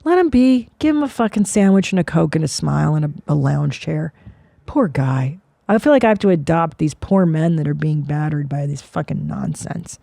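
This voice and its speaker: A woman's voice: sits low, lively intonation, moderate pace, creaky, warm tone, dry recording, studio quality. A woman in her forties hosting a comedy podcast, riffing in a sarcastic, profane way. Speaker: podcast host.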